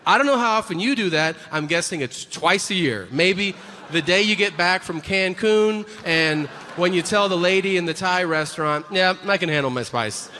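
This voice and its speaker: A man's voice: expressive, moderate pace, pushed and bright. A middle-aged man doing a stand-up comedy set, profane, acting out both sides of conversations. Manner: profane, acts out both sides of dialogues with low voices. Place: comedy venue stage. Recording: live stage set with long reverb and faint room noise.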